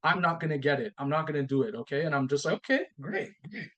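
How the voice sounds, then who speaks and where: His voice fairly high and racing, a man guesting on a podcast tells a personal story. He acts out both parties in the dialogue with animation, often repeating himself and restarting phrases.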